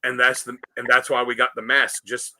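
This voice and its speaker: Bright-voiced man explaining casually. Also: medium pitch, monotone, a little fast, no room sound. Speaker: podcast co-host. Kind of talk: casual podcast chat.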